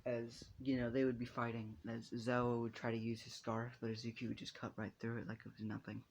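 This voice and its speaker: A man's voice: mid-range voice, completely flat delivery, brisk, a little hiss or hum. A man narrating an improvised fan story in a rambling, casual way, with many restarts and casual swearing.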